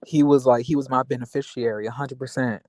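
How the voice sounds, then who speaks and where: A man's voice: mid-range voice, steady tone, fast, darkish tone, no room sound. A young man vlogging, telling a personal story in a rambling, candid way with many fillers. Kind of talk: casual venting monologue.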